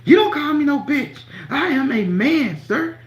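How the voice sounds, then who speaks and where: A man's voice: very high voice, sing-song, measured pace, roomy sound, voice pushed up, exaggerated voice. A man voicing an offended grown man with a sweet, prim voice.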